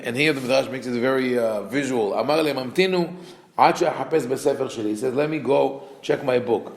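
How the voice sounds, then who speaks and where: A man, a rabbi, teaching a Torah class, reading Hebrew text quickly and then explaining it in a conversational way. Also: mid-range voice, vocal fry. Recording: echoey room.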